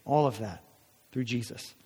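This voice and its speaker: A man's voice: mid-range voice, moderate pace, mellow, husky, long reverb tail. A man preaching a sermon as a pastor, earnest and emphatic, his voice rising on pleading passages.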